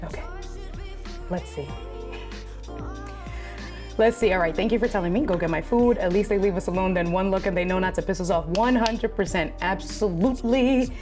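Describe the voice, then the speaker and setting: Over music, a breathless woman live streams, chatting casually straight to her viewers and reading out their comments. Her mid-range voice moves at a normal speed, broken by long pauses.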